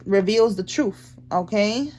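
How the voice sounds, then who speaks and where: A woman's voice: medium pitch, takes it slowly, warm tone. A woman giving a casual tarot reading, chatty and blunt, laughing often and using street slang. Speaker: tarot reader.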